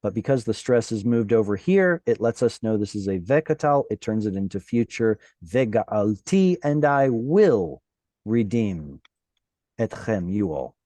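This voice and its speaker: A man's voice: lowish voice, expressive, moderate pace, warm tone, no room sound. A man teaching a Hebrew class online, walking students through words and patiently asking them questions.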